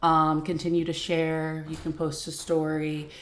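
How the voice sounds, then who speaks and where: A woman's voice: low-pitched, monotone, a little slow, roomy sound. A woman hosting a live stream from home, talking frankly in a casual, chatty way and swearing freely.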